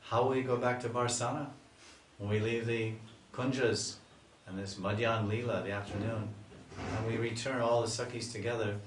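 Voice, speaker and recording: A man voicing a group of flustered young cowherd girls, questioning quickly and fretfully. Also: on the low side, steady tone, a little hiss or hum, lightly acted. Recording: echoey room, mic far off.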